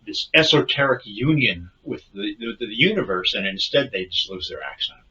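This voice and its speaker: A man in casual comedic podcast chat, spinning rambling deadpan tall tales. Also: lowish voice, normal speed, lo-fi sound, a little hiss or hum.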